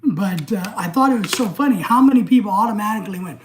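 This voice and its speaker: A woman's voice: medium pitch, fast talker. Middle-aged woman on a livestream, fired up and ranting, swears a lot, blunt. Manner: excitable ranting, blunt and profane. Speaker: livestream host. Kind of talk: casual livestream chat.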